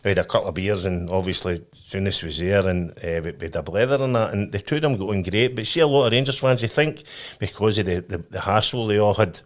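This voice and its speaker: A Scottish man, a former footballer, telling animated anecdotes as a podcast guest. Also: lowish voice, fast talker, hardly any pauses. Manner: animated storyteller, restarts often. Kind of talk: casual chat, telling anecdotes.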